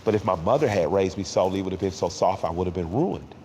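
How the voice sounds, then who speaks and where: A middle-aged man from Atlanta, talking candidly and emotionally in a sit-down interview, with halting restarts. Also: low-pitched, mellow. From Atlanta, Georgia. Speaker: interview guest. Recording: roomy hall with faint background noise.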